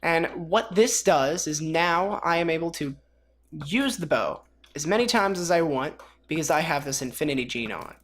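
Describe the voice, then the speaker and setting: A woman's voice: deep voice, expressive, moderate pace, slight background noise. A woman casually walking through a game mod as a video host, chatty and rambling with self-mocking jokes. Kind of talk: casual mod tutorial commentary.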